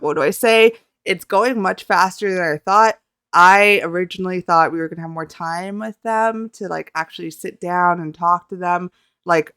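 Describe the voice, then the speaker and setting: A young woman vlogging from home, gushing in a flustered, excitable ramble with plenty of swearing. Her voice sits a little low for a woman, smooth and clear. The sound is close and dry. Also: dry recording. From Canada. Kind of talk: casual reaction vlog storytelling.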